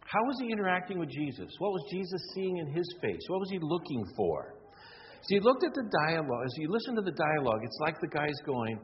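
A man preaching a sermon, animated and acting out the people in his story. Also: on the high side, quick pace, a little hiss or hum. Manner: animated, acts out quoted voices. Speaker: pastor. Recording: dull sound in a reverberant hall.

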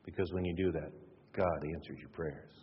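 Man, low voice, middle-aged preacher, chatty storytelling, self-deprecating, long echo, dull sound. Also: fairly even intonation, normal speed, a little hiss or hum. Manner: conversational storytelling, self-deprecating, repeats words when emphatic. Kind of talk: sermon with personal stories.

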